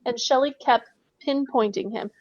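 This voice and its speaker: A woman, a paranormal investigator, telling a ghost-hunt story in casual podcast chat with brisk detail. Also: a little high, darkish tone, no echo. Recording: dry, dull lo-fi mic.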